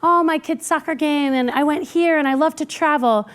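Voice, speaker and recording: A woman speaking as a keynote speaker, telling workplace stories conversationally and acting out what people said in quieter voices. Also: high-pitched, normal speed. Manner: lively, acts out quoted people in quieter voices; conversational with frequent "like" and "right?". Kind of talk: keynote storytelling.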